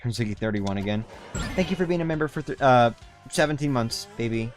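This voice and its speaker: A man's voice: mid-range voice, lively intonation, brisk, soft background music. Rambling young man streaming a game. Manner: rambling, loose, swears casually. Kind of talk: casual live-stream commentary.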